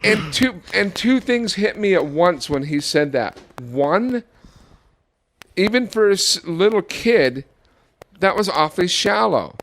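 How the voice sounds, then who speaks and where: A man's voice: high-pitched, animated, a little slow, a bit bright. An older man telling a story about his son in a casual podcast chat, rambling with restarts. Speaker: father telling a family story.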